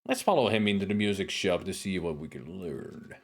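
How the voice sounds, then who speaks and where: A man's voice: low voice, expressive, fairly quick. A man streaming a retro adventure game, reading its text aloud with wry, casual asides. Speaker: let's play streamer. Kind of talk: casual game commentary and narration.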